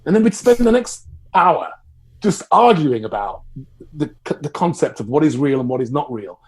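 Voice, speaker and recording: A man's voice: fairly high pitch, normal speed, slightly rough. A middle-aged man, candidly telling wild stories in conversation, swearing and restarting often. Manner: animated, swearing, laughing through anecdotes, many restarts. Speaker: guest.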